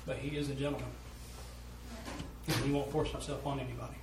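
Folksy preacher in an echoey room. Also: male voice, medium pitch, flat delivery, a little fast, slight background noise. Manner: folksy, earnest storytelling with rising fervor. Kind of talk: sermon. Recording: roomy echo, voice from a distance.

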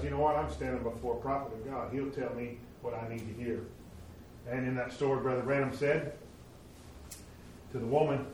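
Animated preacher man in an echoey church. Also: medium pitch. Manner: animated, acts out quoted voices, swings from loud to hushed. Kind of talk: sermon storytelling. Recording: very echoey room, from a distance, faint noise.

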